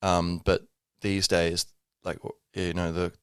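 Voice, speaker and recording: A man's voice: deep voice, flat delivery, slow, fairly bright tone, smooth, dry recording, clean studio sound. A man hosting a casual solo podcast, rambling with many fillers and self-corrections. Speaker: podcast host.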